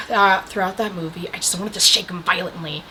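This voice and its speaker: A young woman casually recapping a movie, chatty and animated, saying "like" a lot and breaking off to talk to the camera. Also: fairly low pitch, a little fast, slight background noise, low-quality recording. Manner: chatty, animated, heavy use of "like"; breaks off to talk to the camera about her coffee and pillow. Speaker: vlogger reviewing a movie.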